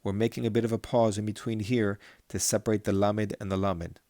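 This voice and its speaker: A middle-aged man teaching Torah cantillation, chanting verses slowly and then explaining them patiently, asking the listener to repeat after him. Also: lowish voice, level tone, dark tone, dry recording, clean studio sound. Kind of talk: chanting lesson with call-and-repeat.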